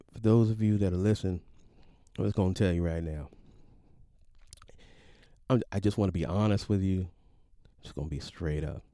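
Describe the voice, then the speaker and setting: A man in his late forties casually telling a personal story, animated and slangy, with sound effects. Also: on the low side, no echo, clean studio sound. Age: 40s. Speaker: podcast storyteller.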